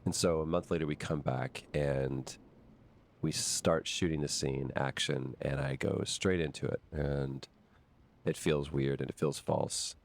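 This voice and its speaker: A man with an extremely deep voice, speaking as an actor in interview. He tells the story candidly and acts out the dialogue he quotes. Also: fairly even intonation, a little slow, creaky. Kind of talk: interview anecdote.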